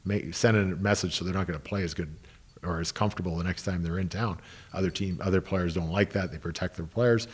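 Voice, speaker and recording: Deep-voiced man telling hockey stories. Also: fairly even intonation, a little fast, breathy edge. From Canada, Ottawa. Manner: rambling, restarts sentences, frequent "you know". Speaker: former pro hockey player and coach, guest. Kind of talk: casual interview storytelling.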